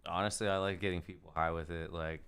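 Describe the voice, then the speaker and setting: Casting: low-pitched guest, bright, smooth tone, cocky and laid-back. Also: male voice, fairly even intonation, fast. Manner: boastful, laid-back, swears. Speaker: podcast guest, extract maker. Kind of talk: casual chat.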